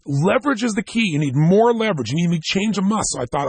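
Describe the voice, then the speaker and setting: A man speaking at a self-help seminar, telling stories emphatically and talking straight to his listeners in a gravelly, husky voice. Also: high voice, animated, quick pace, dry recording. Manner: emphatic storytelling, direct address to listeners.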